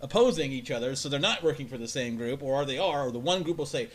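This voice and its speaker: A man's voice: medium pitch, animated, fast talker, few pauses. A man co-hosting a casual podcast chat, crude and mocking, swearing freely. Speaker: podcast co-host.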